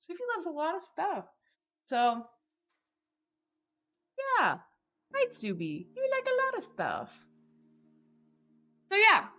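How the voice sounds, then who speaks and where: Bright-voiced chatty woman streamer. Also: lowish voice. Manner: chatty, rambling, many "like" fillers; talks to her dog and chat viewers. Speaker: livestream host. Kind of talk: casual livestream chat. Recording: slightly muffled stream audio, faint music.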